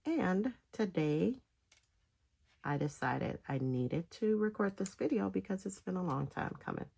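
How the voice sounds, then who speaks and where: A woman giving a casual step-by-step knitting tutorial, talking in halting phrases with pauses between them. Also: lowish voice, expressive, creaky, warm tone, slightly rough. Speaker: knitting instructor.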